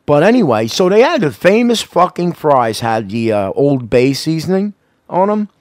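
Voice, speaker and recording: A man co-hosting a casual radio show, rambling loudly and swearing constantly between laughs. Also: fairly high pitch, very animated, moderate pace, no room sound, studio quality. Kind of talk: casual profane radio banter.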